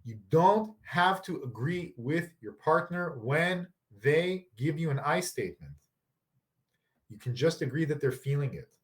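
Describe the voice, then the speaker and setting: A man's voice: on the high side, measured pace. A tired man giving a casual online workshop on relationships, talking over a video call and acting out sample dialogues. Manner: lively, acts out sample dialogues.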